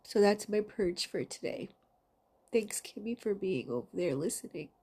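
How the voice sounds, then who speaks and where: A woman's voice: mid-range voice, animated, normal speed, darkish tone, husky. A woman in a confessional vlog monologue, talking in a raw, emotional way, full of anger and swearing. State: angry. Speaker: vlogger.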